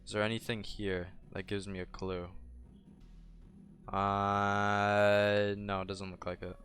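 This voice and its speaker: Excitable young male gamer, trash-talking. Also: fairly low pitch, slow, long pauses, faint music behind. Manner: excitable, trash-talking, yelps and shouts when startled. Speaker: gaming streamer. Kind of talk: gameplay commentary.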